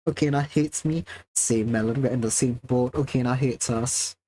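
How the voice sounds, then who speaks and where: A young man from Singapore, Singaporean accent clear, talks casually with his livestream chat as he draws. His voice is mid-range and warm at a moderate pace, delivered with precise enunciation and a presenter's projection.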